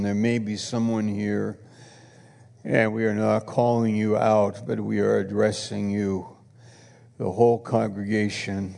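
A man's voice: on the low side, gravelly, darkish tone. A man preaching a sermon to his congregation, earnest and repetitive, pleading with the listeners. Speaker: pastor. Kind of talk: sermon with altar call and announcements. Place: church auditorium with congregation. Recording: echoey church hall.

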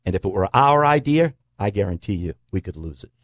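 A man in a conversational Bible teaching talk, earnest and emphatic, slowing down to stress key words. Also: on the low side, lively intonation, no echo, studio quality. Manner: earnest, emphatic preaching cadence with slow stresses.

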